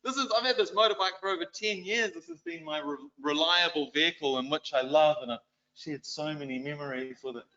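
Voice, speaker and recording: A man with a New Zealand accent giving a church exhortation, telling a self-deprecating story in an animated way. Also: fairly high pitch, brisk. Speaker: lay preacher and schoolteacher. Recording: dull lo-fi recording.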